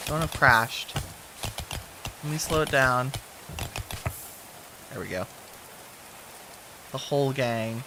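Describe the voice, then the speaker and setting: A woman's voice: rumbling low, expressive, slow pace, long pauses, pushed and bright, slight background noise. A woman giving casual gameplay commentary, chatty and talking to her game characters as she plays. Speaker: game streamer.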